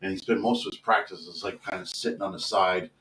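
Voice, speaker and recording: A youth football coach tells a long story during a podcast interview, casual, earnest, and rambling, with occasional swearing. His low voice is brisk and a bit bright with fairly even intonation, and the distant mic gives a roomy sound.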